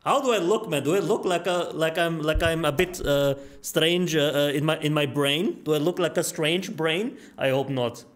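A man's voice: on the high side, moderate pace, hardly any pauses. A young man streaming a horror game live, gasping, yelping and swearing, full of crude jokes. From Austria. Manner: excitable, yelps and gasps, swears a lot, crude jokes.

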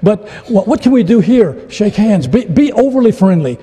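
A man's voice: high voice, sing-song, normal speed, dark tone, slightly rough. A middle-aged man preaching a sermon as a traveling evangelist, folksy and humorous, with frequent stammered restarts, in a church. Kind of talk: sermon with storytelling. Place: church sanctuary. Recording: church hall reverb.

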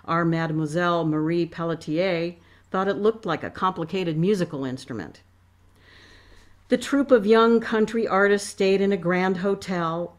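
A woman author reading her novel aloud in a measured, expressive way. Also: on the low side.

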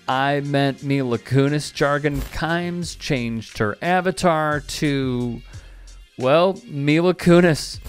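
Wry male sports news host. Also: mid-range voice. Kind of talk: scripted news commentary. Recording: faint music bed behind.

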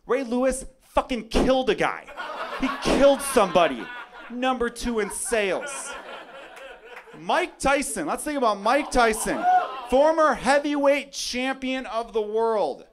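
A man from Chicago performing a profane, excitable stand-up comedy set on a club stage, with a handheld mic. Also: very high voice, a little slow, background noise. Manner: brash, profane, excitable bits. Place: comedy club stage before a live crowd. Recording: live club recording with crowd laughter. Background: audience laughter.

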